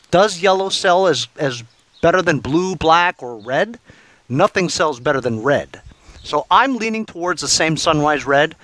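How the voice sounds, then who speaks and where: A man's voice: a little high, a bit bright, dry recording. Chatty man talking through a repair job. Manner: chatty, thinks aloud, many fillers and restarts. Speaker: channel host. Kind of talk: casual workshop vlog talk. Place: garage workshop.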